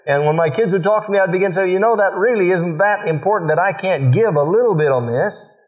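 This middle-aged man, a pastor, speaks quickly in a high, slightly mellow voice during his sermon. His storytelling about family is folksy, complete with acted-out exchanges with his kids, and the audio is muffled and lo-fi.

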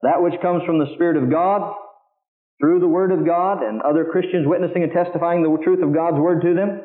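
A man preaching a sermon in an animated way, acting out the voices he quotes and dropping low for scripture. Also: fairly quick, reverberant, narrow, tinny audio.

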